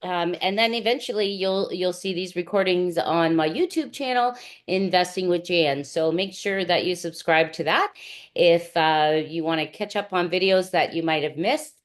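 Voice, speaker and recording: A woman hosting a live interview show, chatty and relaxed, with fillers and easy laughter. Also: fairly low pitch, normal speed. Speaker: host.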